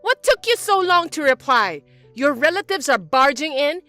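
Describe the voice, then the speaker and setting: A woman putting on a shrill, bossy mother-in-law. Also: sing-song, normal speed, fairly bright tone, no room sound, soft background music. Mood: angry. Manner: indignant, accusing, whiny. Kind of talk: dramatized story reading.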